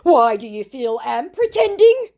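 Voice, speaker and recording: A woman voicing a young male online scammer posing as a celebrity, speaking slowly in stilted, formal phrases. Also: sits high, very animated, mellow, pitched above the performer's own voice, heavily acted.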